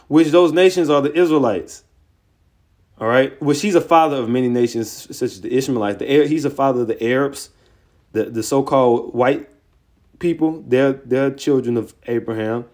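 A religious teacher with a mid-range voice speaks at normal speed in a fiery online sermon. He goads his opponents with profanity, then turns to reading verses aloud, halting now and then to add commentary.

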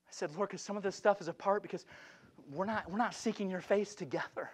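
A middle-aged man preaching an impassioned revival sermon in a church, swinging from shouts down to hushed, repeated phrases. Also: high-pitched, fast, breathy edge. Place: church sanctuary.

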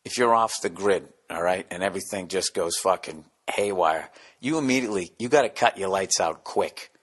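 A middle-aged man hosting a podcast, rambling through a profane comedic monologue full of quick restarts. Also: mid-range voice, bright, forceful tone. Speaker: podcast host.

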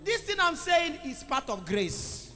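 A man preaching a sermon to a congregation, calling for responses and swinging between loud exclamations and quiet asides. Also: very high-pitched, very animated, a little slow. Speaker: pastor. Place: church hall. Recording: echoey church hall with music.

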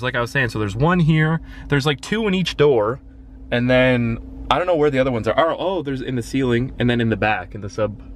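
A young man from Canada talks loosely inside a parked car, rambling with plenty of swearing and quick apologies. His pitch sits in an ordinary middle range, with a faint hiss of background noise behind him. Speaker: gaming vlogger. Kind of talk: casual car walkthrough.

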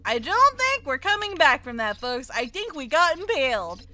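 A woman's voice: sits high, very animated, moderate pace, heavy background noise. A woman streaming a live let's play, talking in a cutesy, jittery way and often whimpering that she is scared.

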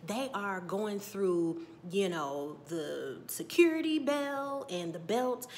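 A woman giving a casual, animated TV episode recap, chatty and sassy as she acts out scenes. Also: mid-range voice, takes it slowly. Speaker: TV recap vlogger.

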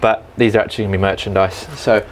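A man's voice: fairly low pitch, level tone, fast, a little hiss or hum. A man who is a vlogging electrician, chatting casually and joking with a colleague while working outdoors. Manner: joking, chatty, laughs often. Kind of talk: casual chat.

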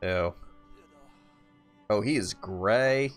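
A man casually commenting while playing a video game for the first time, reacting loudly to surprises and musing quietly in between, a bit tired. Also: lowish voice, very slow, faint music behind. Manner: reactive, swings from calm musing to excited shouts. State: tired, yawning. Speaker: gaming YouTuber. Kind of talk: casual let's-play commentary.

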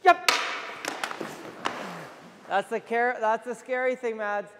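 A young man coaching a goalie on the ice, energetic and playfully teasing between drills, recorded in an indoor rink. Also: very high-pitched, takes it slowly. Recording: echoey rink with faint noise.

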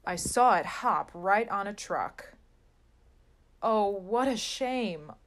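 Woman reading a children's picture book aloud, sing-song rhymes, slow pace, mid pitch. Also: animated. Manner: sing-song rhyming delivery. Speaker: storybook reader.

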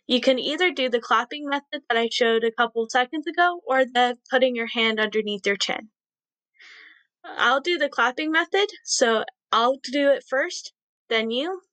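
A young woman teaching young children a syllable game, speaking slowly and encouragingly with sing-song praise. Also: on the high side, a bit bright, no room sound. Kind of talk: read-aloud lesson for young children.

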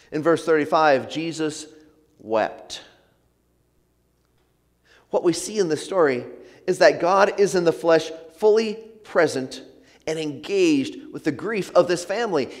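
A male pastor preaching a sermon in an earnest, gentle way, often letting his phrases trail off softly. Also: on the high side, long reverb tail. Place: church sanctuary.

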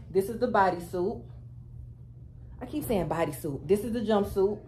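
A woman vlogger chatting to camera at home, animated and talkative, calling her viewers y'all, girl and baby. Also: medium pitch, normal speed, a little hiss or hum. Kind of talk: casual get-ready-with-me chat to camera.

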